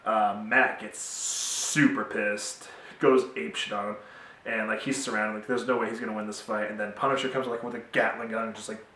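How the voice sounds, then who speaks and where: A man's voice: lowish voice, flat delivery, normal speed, sharp tone, recorded from a distance, a little hiss or hum. A young man giving a casual, rambling TV review with many fillers, recorded at home in a roomy space away from the mic. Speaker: TV show reviewer.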